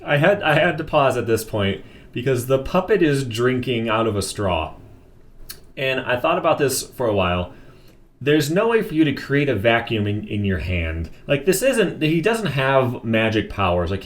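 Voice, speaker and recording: A man's voice: medium pitch, sing-song, normal speed. A man casually reviewing a comic book, reading it aloud and adding amused, chuckling asides.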